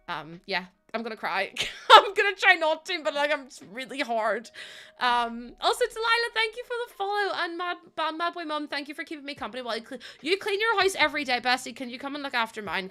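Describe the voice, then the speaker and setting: Lively bright-voiced woman streamer. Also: a little high. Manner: chatty, laughs often, thanks viewers one by one. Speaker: live streamer. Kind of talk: casual chat with viewers while gaming. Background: faint background music.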